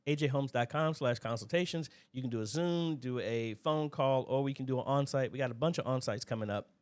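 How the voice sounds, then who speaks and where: Casting: man, livestream host, relaxed and chatty, reads out viewer names. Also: medium pitch, fairly quick, clear, resonant tone. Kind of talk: casual livestream Q&A.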